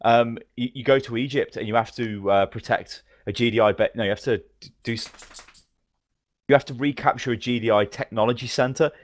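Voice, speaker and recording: A man co-hosting a podcast, telling game stories in a fast, animated, swearing manner. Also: mid-range voice. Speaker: podcast co-host. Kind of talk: casual gaming chat.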